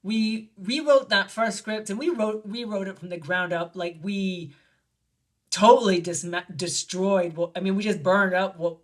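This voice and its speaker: A woman filmmaker telling an anecdote in an interview, animated and acting out the voices of the people she quotes. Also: measured pace. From lived in Barcelona. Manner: animated, acts out quoted voices with big pitch jumps. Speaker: guest filmmaker. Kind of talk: storytelling in an interview.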